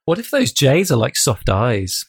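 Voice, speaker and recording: Gravelly teasing man co-host. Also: mid-range voice, huge pitch swings, measured pace. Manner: teasing, jokey, eggs others on. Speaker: podcast co-host. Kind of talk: casual banter.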